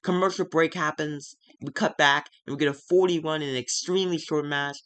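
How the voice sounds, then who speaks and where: A man casually narrating his wrestling sim save, halting and full of fillers. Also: fairly high pitch, steady tone, a bit bright, no echo. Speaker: gaming video creator.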